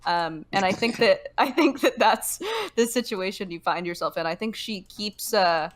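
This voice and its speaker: A woman's voice: mid-range voice, moderate pace. A woman calling in to a casual chat, answering hesitantly with fillers and restarts. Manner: hesitant, lots of fillers, laughing. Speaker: caller.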